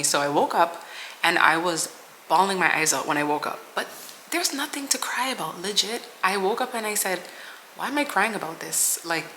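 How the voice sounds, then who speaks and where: A woman's voice: low voice, pushed and bright, slight background noise, rough recording. A young woman vlogger sharing a personal testimony in an earnest, rambling way, full of "like" and "you know.". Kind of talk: personal testimony, casual storytelling.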